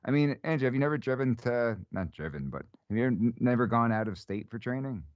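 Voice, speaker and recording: A man's voice: mid-range voice, lively intonation, brisk, a little mellow, no room sound, dull audio. A man from Pennsylvania, an attorney talking casually on a live podcast, friendly and joking. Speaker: firearms law attorney, co-host.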